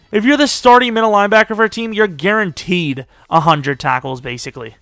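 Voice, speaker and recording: A man's voice: on the high side, fairly bright tone, clean tone, dry recording, studio quality. A young man giving casual, joking commentary while playing a football management game. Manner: chatty, joking, quick reactions. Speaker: gaming commentator.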